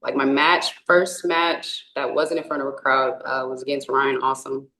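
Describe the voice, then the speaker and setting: A woman's voice: very deep voice, little pitch movement, normal speed, sharp tone, reverberant, low-quality recording. A young woman from California, a wrestler, answering interview questions casually and rambling with many fillers and restarts. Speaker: indie wrestler.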